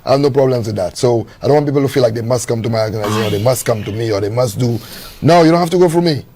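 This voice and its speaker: A man's voice: mid-range voice, very fast, mellow. A man who runs a charity, speaking as a talk show guest in an earnest, preachy way. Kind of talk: casual talk show chat.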